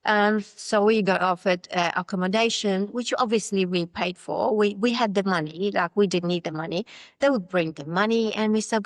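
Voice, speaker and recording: A middle-aged woman from Poland with a Polish accent, a native Polish speaker telling her life story in an interview, animated and acting out quoted voices. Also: mid-range voice, normal speed, no echo. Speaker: interview guest. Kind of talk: personal story in a sit-down interview.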